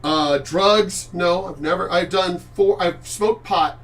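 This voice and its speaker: A man with a high-pitched voice rants on his vlog, swearing hard and hammering his points home. He sits a bit back from the microphone, so his voice sounds somewhat distant. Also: takes it slowly, a bit bright. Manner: profane, emphatic, addresses a friend by name. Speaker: channel host. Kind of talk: casual ranting monologue.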